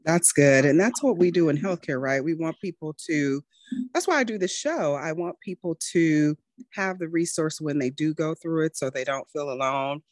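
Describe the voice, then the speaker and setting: A woman's voice: sits low, moderate pace, darkish tone, no room sound. A middle-aged woman doctor hosting a healthcare podcast, chatty and encouraging. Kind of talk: podcast chat and scripted intro.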